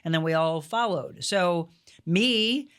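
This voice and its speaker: A middle-aged woman from Missouri, a former news anchor turned life coach, telling her story as a guest in an energetic, emphatic way. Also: fairly low pitch, takes it slowly, smooth, no room sound, studio quality. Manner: energetic, emphatic, animated retelling. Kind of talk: conversational storytelling.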